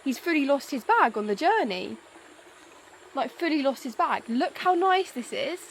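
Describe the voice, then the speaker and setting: A woman's voice: high-pitched, sing-song, normal speed, slight background noise, low-quality recording. Chatty Northern English woman vlogging outdoors. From England. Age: 20s. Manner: chatty, upbeat, laughs often. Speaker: travel vlogger. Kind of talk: casual vlog chat. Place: outdoors in Thai countryside.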